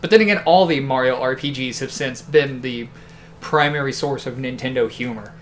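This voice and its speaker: A man co-hosting a game playthrough, relaxed and chatty, explaining game details as he watches. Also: medium pitch, moderate pace, slight background noise. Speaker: co-host watching the play. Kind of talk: let's play commentary.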